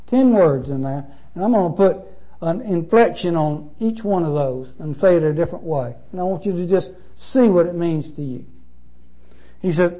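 A man's voice: on the high side, animated, normal speed, mellow, dull audio. A man preaching a sermon as pastor, emphatic and repeating phrases with shifting stress.

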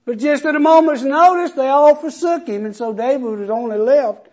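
A man's voice: very high voice, normal speed, a little mellow. A man preaching a sermon, reading scripture aloud with rising and falling emphasis.

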